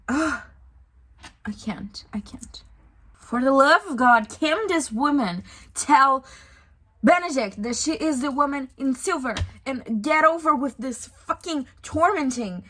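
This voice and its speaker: A woman's voice: high-pitched, fairly bright tone. A young woman reviewing a book in a casual vlog, ranting in exasperation with sighs and swearing.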